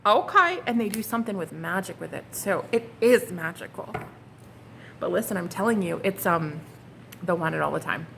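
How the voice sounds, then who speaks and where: A young woman reading tarot cards for her viewers, excitable and flustered. She swears casually, giggles, and calls the audience honey and girl. A faint hum of noise sits behind her voice. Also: on the low side, normal speed, gravelly. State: flustered and hot. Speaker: tarot reader.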